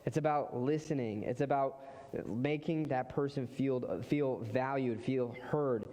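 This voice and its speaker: A man's voice: medium pitch, unhurried, warm tone. A man, a pastor, preaching a sermon in a conversational way, with emphatic repeated phrases. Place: church sanctuary. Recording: long reverb of a large hall.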